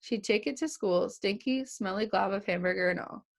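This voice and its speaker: A woman's voice: medium pitch, moderate pace, creaky. A young woman reading a children's chapter book aloud to kids, giving each character their own voice. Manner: lively, puts on voices for the characters.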